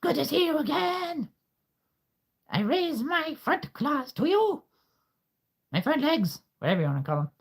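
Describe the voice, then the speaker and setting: A man voicing a friendly little clawed creature with a high, formal manner. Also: big pitch swings, measured pace, gravelly, pauses often, full character voice.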